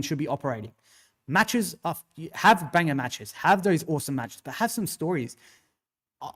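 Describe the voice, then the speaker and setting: Man, Australian accent, wrestling show host, casual livestream chat, opinionated, rambling, swears, fairly high voice.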